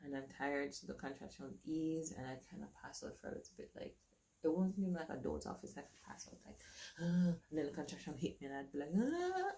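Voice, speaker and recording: A woman telling her own story to camera in a casual, animated way, acting out what others said to her. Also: low voice, fast, creaky.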